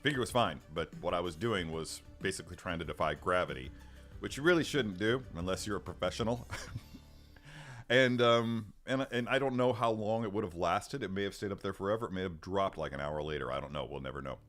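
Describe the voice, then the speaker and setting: Deep-voiced rambling middle-aged man. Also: brisk, a bit bright. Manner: rambling, many restarts and chuckles. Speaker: livestream host. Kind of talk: casual chat with live chat. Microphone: studio microphone. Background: faint background music.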